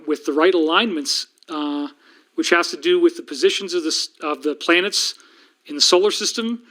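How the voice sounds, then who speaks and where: Fast-talking man lecturing on a livestream. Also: high voice, sharp tone. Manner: rapid, rambling, with frequent restarts. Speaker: livestream host and researcher.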